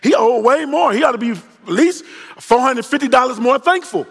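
A man's voice: extremely high pitch, lively intonation, brisk, creaky, fairly bright tone, full character voice. A man voicing a suspicious male religious leader who talks in fussy, indignant slang. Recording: long reverb of a large hall.

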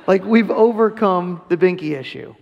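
A man's voice: high voice, lively intonation, moderate pace, gravelly, highs cut off, a faint crowd. A man in his thirties preaching a sermon in a casual, earnest way, slipping into quoted voices. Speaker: pastor. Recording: long reverb of a large hall.

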